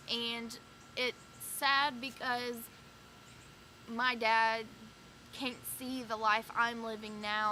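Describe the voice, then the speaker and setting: A woman's voice: a little high, sharp tone, a little hiss or hum. A young woman vlogger telling her own life story in a loose, rambling way, full of fillers and quoted conversations. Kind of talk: casual personal storytelling.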